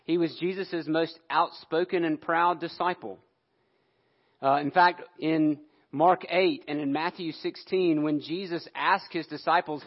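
A male preacher telling a scripture story in an animated sermon, acting out the quotes. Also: on the high side, normal speed, highs cut off.

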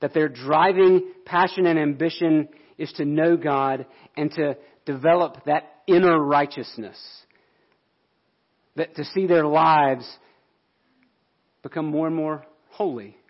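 A man's voice: fairly high pitch, fairly even intonation, a little slow, highs cut off. A man pastor delivering a sermon in an earnest, explanatory way.

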